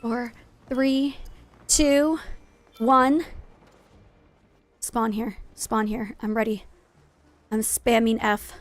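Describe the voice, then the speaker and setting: A woman's voice: fairly high pitch, little pitch movement, very slow, pauses often. A woman live-streaming a game in casual chat, greeting viewers and going off on playful, jokingly dramatic rants.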